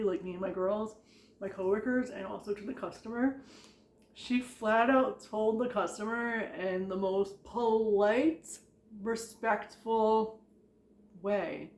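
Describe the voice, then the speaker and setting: A chatty woman rambles through her workplace stories, stacking up "like" and breaking into laughter as she goes. Her voice sits at an ordinary middle pitch and carries the echo of a roomy space. It sounds like a casual vlog told straight to the camera. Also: takes it slowly, darkish tone. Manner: chatty, rambling, heavy use of "like", frequent laughter. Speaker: vlogger recounting retail work stories. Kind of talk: casual storytelling. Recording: echoey room.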